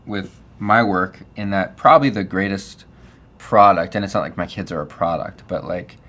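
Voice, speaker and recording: A man's voice: sits low, moderate pace, fairly bright tone. A middle-aged man hosting a casual interview, affirming his guest and reflecting on faith and family. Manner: affirming, frequent "yeah", reflective. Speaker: podcast host.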